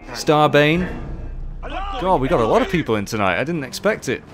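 A man doing casual live commentary while playing, excitable, swearing often and chatting with his viewers. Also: fairly high pitch, moderate pace, over music. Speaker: game streamer.

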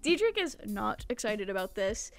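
A woman's voice: mid-range voice, sing-song, normal speed, gravelly, faint music behind. A young woman in her twenties giving a chatty, giggly, slang-heavy casual recap of a manga as a commentator.

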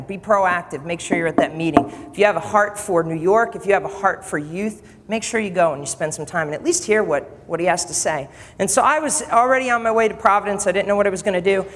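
Man, pastor, sermon, animated joking storyteller, PA mic, echoing chapel hall. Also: high-pitched. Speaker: pastor speaking in a college chapel. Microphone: PA microphone. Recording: long reverb hall with faint noise.

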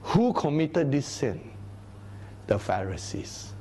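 Brief: man, Bible teacher, animated sermon delivery, voice sits a little high, grave on solemn points. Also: takes it slowly, slight background noise. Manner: animated, acts out crowd voices in a raised voice; drops to low, grave tones for solemn points.

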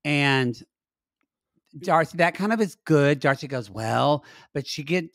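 Higher-voiced man recapping reality TV. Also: a little slow, a bit bright, dry recording, clean studio sound. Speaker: podcast co-host. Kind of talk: casual chat recapping reality TV.

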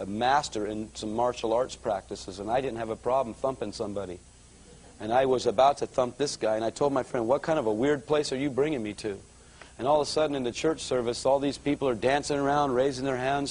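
A man giving a conversational sermon testimony at a live church service, his storytelling growing excited and louder. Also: medium pitch, low-quality recording. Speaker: guest speaker giving a testimony.

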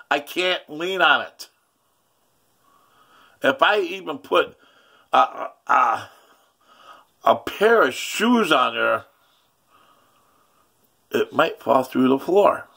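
A man's voice: on the high side, expressive, slow, vocal fry, pauses often, fairly bright tone. Agitated, profane man ranting. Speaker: vlogger. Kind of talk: angry vlog rant.

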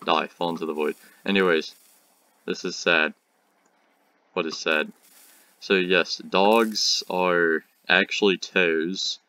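A man's voice: low voice, bright, forceful tone. A teenage boy hosting a gaming video, giving rambling, jokey commentary and talking back to enemies on screen. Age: teen. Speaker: gaming channel host. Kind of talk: casual gameplay commentary.

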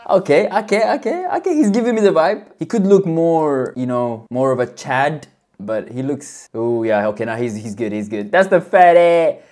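Low-voiced excitable woman reacting. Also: moderate pace. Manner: excitable, slangy, laughs often. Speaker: reaction video host. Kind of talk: casual reaction commentary.

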